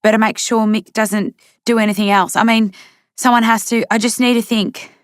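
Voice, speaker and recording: A woman's voice: on the high side, little pitch movement, moderate pace, dry recording, studio quality, pitched above the performer's own voice, close to an everyday voice. A woman voicing a jittery, anxious young man who pleads tensely.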